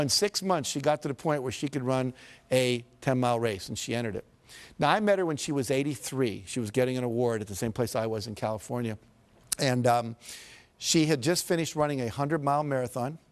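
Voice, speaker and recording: A man giving a motivational seminar talk to an audience, telling stories and slipping into the quoted characters, with emphatic repetition. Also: medium pitch. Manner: storytelling, shifting into quoted characters. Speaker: motivational speaker.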